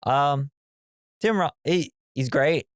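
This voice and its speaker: A man's voice: fairly high pitch, takes it slowly, no room sound, studio quality. A man co-hosting a casual movie podcast, rambling and acting out characters' lines. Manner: rambling, acts out quoted lines. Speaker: podcast co-host. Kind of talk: casual movie review chat.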